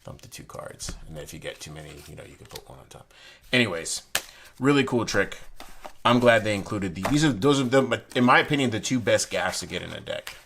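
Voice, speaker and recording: A man's voice: on the low side, animated, brisk, creaky, a bit bright, slight background noise. A man casually reviewing a deck of playing cards and explaining a trick, rambling with frequent restarts and bursts of enthusiasm.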